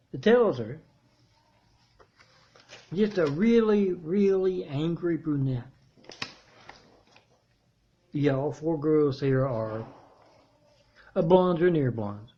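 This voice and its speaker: Brief: man with a somewhat high, husky voice, rambling tale, lo-fi. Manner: meandering, halting, with frequent restarts. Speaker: self-made video preacher. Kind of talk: rambling storytelling monologue.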